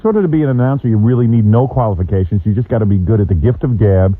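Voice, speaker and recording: A man's voice: on the low side, rapid-fire, dry recording, faint music behind. A man hosting a radio show, teasing and laughing at an intern's audition. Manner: mocking, laughing often. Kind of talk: joking radio banter. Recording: thin phone-like broadcast audio.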